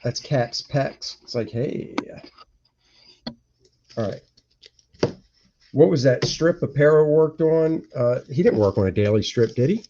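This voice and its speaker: Talking slowly but animatedly in a mid-range voice, this cartoonist rambles through a casual live stream from his home, grumbling and muttering as he thinks aloud. The stream audio is dull and lo-fi, with a noisy background.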